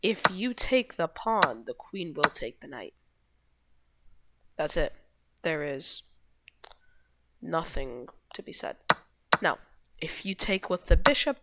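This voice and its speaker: Woman host narrating chess moves; low voice that swings widely, offhand and self-correcting. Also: big pitch swings, slow pace, pauses often, sharp tone, a little hiss or hum. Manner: rambling, self-correcting, shrugs things off. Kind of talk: casual chess game walkthrough.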